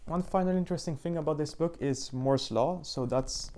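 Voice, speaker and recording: A man hosting his own book channel, giving a casual, slightly halting review and pausing to search for words. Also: on the high side, darkish tone.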